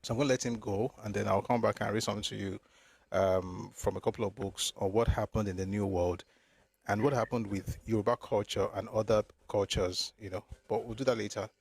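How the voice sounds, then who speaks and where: A man's voice: lowish voice, fairly even intonation, a little fast, breathy edge. A man hosting a live discussion, who reads aloud from a history book and stops to stress key figures. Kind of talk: casual talk and reading aloud from a book.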